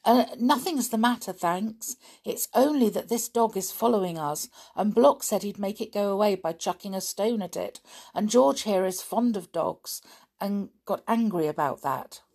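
A woman voicing an eager, bold schoolboy guide in a storybook reading, talking quickly and urgently. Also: mid-range voice, a little mellow, pitched above the performer's own voice, natural voice. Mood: polite.

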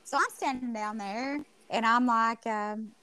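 Woman, Mississippi Southern accent, raised pitch, casual podcast guest, lively storyteller, lots of restarts. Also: unhurried. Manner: animated, acts out quoted people, many restarts.

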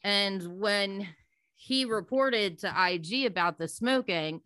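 A woman hosting a casual podcast, telling stories in an animated, blunt way and swearing freely. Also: medium pitch, takes it slowly, no echo.

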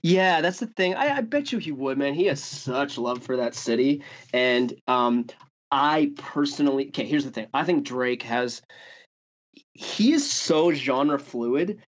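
A man, a guest musician spinning casual stories. He swears freely and leans on "like" and "dude". His voice sits in an ordinary mid pitch, and the recording sounds somewhat dull and lo-fi. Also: animated, measured pace. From Canada. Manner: loose and profane, heavy on "like" and "dude". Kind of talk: casual storytelling.

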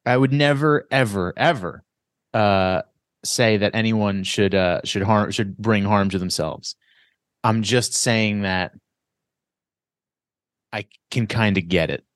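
A man with a fairly low voice, recorded dry and close. He co-hosts a casual podcast and talks haltingly, repeating words and trailing off mid-thought. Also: dry recording. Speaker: podcast co-host.

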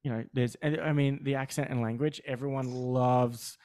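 A man's voice: medium pitch, fairly even intonation, moderate pace, darkish tone, clear, resonant tone. Chatty Australian man, podcast co-host. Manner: chatty, explanatory, frequent ums and restarts. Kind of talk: casual podcast chat.

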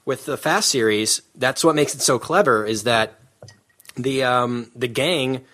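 A man hosting a casual movie review chat, animated and opinionated, often laughing as he talks. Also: medium pitch, measured pace. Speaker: podcast host.

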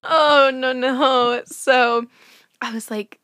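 A young woman co-hosting a podcast in casual chat, animated and quick to laugh. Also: fairly high pitch, no room sound, clean studio sound. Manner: animated, laughs until crying, lots of "like". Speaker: podcast co-host.

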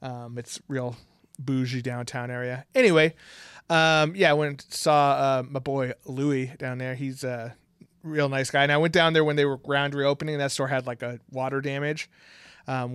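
A man with a medium, fairly even, and fairly bright voice co-hosts a casual podcast at a moderate pace, his tone clear and resonant. He rambles with lots of fillers and laughs often, heard in a dry, clean studio recording.

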